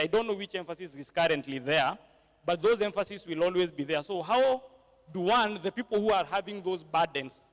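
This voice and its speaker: A man's voice: high voice, fairly bright tone, long reverb tail. A man moderating a church panel discussion, switching between English and Swahili, with frequent fillers and tag questions.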